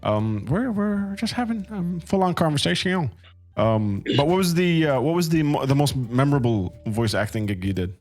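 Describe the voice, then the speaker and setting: A man hosting a podcast in casual chat, halting and reading out listener questions. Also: a little high, expressive, a little mellow, faint music behind. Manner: halting, many fillers and restarts, reads chat questions. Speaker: podcast host.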